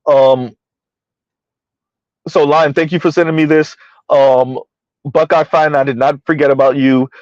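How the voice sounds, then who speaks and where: A man's voice: fairly high pitch, steady tone, measured pace, pauses often, darkish tone, dry recording, highs cut off. A man doing casual, rambling commentary on a live stream, reading out chat messages as he goes. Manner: rambling, conversational, reads chat aloud.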